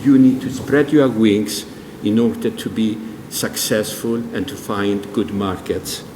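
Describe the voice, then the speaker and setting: A man's voice: lowish voice, measured pace, darkish tone, slight background noise. An older man giving a public presentation, telling stories and putting questions to the audience. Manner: storytelling, quizzes the audience. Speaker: speaker at a public event. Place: large museum hall. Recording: long hall reverb, faint room ambience.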